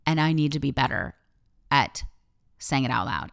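A woman's voice: a bass voice, animated, moderate pace, creaky, pauses often. A woman host talking frankly and with feeling in a solo podcast monologue, swearing freely.

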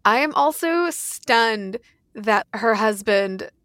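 A woman with a fairly high voice chats casually as a podcast co-host. She retells stories with animated energy and swears freely. The sound is dry and close. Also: slow pace, no echo. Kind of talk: casual chat.

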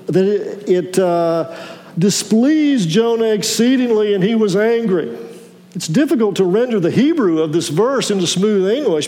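A man pastor delivering a sermon in a measured preaching manner, with halting restarts. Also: sits high, dark tone, in a large hall.

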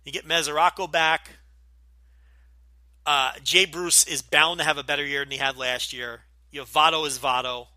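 Jersey guy with a light accent rambling and swearing on his podcast, kinda high, super bright edgy voice. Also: steady tone, normal speed, no echo. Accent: light New Jersey. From New Jersey. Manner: blunt, profane, rambling with many fillers. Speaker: podcast host. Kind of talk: casual Q&A podcast.

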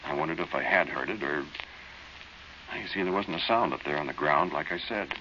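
A man's voice: rumbling low, a little fast, sharp tone. A man narrating as a young man recalling an eerie night adventure, plain-spoken storytelling in 1940s radio acting style. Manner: plain-spoken storytelling, drops to tense murmurs. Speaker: narrator and lead character. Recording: dull old radio recording with faint hiss.

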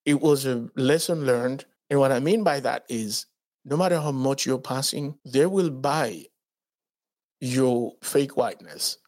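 In a mid-range voice and at a measured pace, a Dominican podcast co-host tells a casual story. He's an animated storyteller who swears freely and acts out quotes in raised voices.

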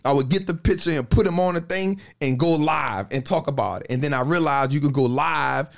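A man in a casual podcast chat, telling stories in an animated, slangy way and repeating phrases for emphasis. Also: fairly high pitch, a little fast, creaky.

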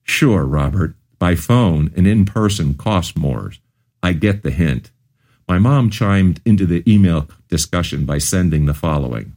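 A man's voice: deep voice, lively intonation, measured pace, darkish tone. A man narrating his own memoir as an audiobook, telling it earnestly in the first person.

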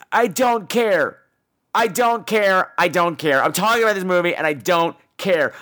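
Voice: medium pitch, fairly bright tone. A podcast host ranting sarcastically about a bad movie, swearing freely and repeating words for emphasis.

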